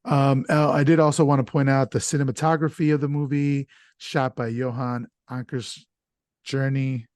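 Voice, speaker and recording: A man's voice: medium pitch, darkish tone, dry recording. Man, podcast host, casual chat, stumbles over names, dry close mic. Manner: chatty, stumbles over names, laughs easily.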